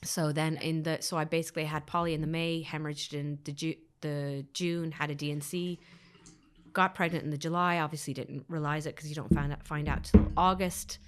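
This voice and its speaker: A woman's voice: low voice, level tone, a little fast, smooth. An Irish woman in her thirties, a podcast guest, earnestly telling a personal story and often repeating her phrases.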